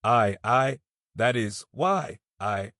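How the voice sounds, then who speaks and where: A man's voice: mid-range voice, animated, very slow, fairly bright tone, no echo, clean studio sound, exaggerated voice. A man voicing a naive young recruit who stammers and cries out in panic. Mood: stammering. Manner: stammering, hysterical.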